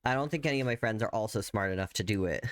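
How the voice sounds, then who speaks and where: Low-voiced man rambling through a game. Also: animated, rapid-fire. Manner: rambling, playful, thinks aloud. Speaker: game streamer. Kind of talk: casual game commentary.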